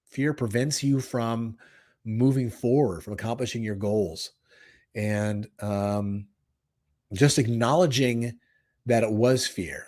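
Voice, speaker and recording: A man hosting a live podcast episode, speaking in a strained, hoarse voice. He sounds earnest and emotional, rambles a little and often restarts his sentences. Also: mid-range voice, slow pace, a little mellow. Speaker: podcast host. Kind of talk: live motivational monologue. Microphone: live stream microphone.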